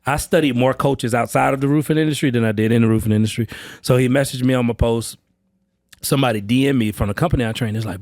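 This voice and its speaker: A man, a sales trainer guest on a podcast, telling stories casually and slangily, acting out quotes with big jumps up in pitch. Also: fast, a little mellow, no echo, studio quality. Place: indoor training space, live session.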